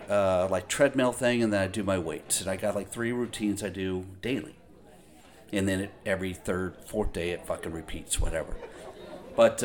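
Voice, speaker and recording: A man hosting a podcast, talking in a casual, profane monologue full of exasperated gripes. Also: mid-range voice. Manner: profane, ranting, exasperated storytelling. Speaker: podcast host.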